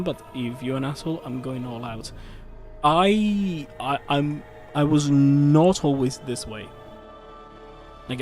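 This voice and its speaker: A man streaming a game, telling a story in a casual, animated rant with swearing and frequent restarts. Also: medium pitch. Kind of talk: casual chat while gaming. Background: faint game music.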